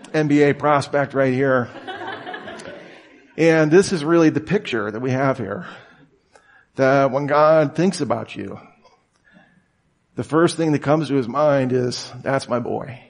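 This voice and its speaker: Casual storytelling male pastor. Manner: casual and storytelling, many "you know" and "like" fillers; acts out quoted voices with sudden high shouts. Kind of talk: conversational sermon.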